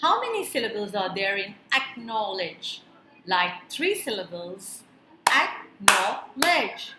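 A woman teaching a beginner lesson, speaking slowly and clearly and drawing out each word to show its parts. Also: a little high, roomy sound, heavy background noise. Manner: slow, clear, drawn-out word-by-word pronunciation. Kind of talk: children's lesson narration.

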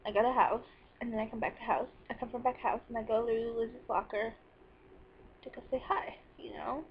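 A woman's voice: fairly high pitch, fairly even intonation, moderate pace, dull audio, a little hiss or hum. Rambling, exasperated teenage girl venting. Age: teens. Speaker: vlogger. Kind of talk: venting personal vlog.

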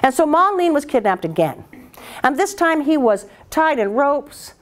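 A woman storyteller telling a folktale aloud in a dramatic, expressive way, with voiced sound effects. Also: high voice, unhurried.

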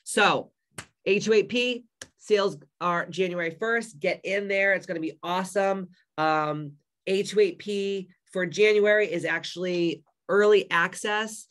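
A hoarse woman hosting an online coaching community in a casual live stream, blunt, loud and heavily profane. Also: mid-range voice, unhurried. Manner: loud, brash and upbeat.

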